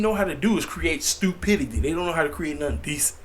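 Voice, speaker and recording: A man's voice: a little high, lively intonation, quick pace, breathy edge. A man giving a casual opinion rant as a wrestling vlogger, exasperated and repetitive, with slangy asides.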